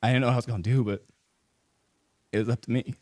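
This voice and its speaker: A man in his thirties, a podcast guest, telling a personal family story in a halting, earnest way with many fillers and restarts. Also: medium pitch, steady tone, darkish tone, no echo. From Houston, Texas.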